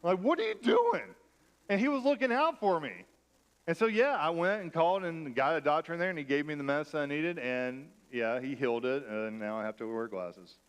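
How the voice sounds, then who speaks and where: Pastor guy preaching in church, chatty and self-deprecating with a bit of a higher voice, tells stories, jokes at his own expense. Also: a little fast, smooth. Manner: conversational, self-deprecating humor. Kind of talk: sermon with personal storytelling.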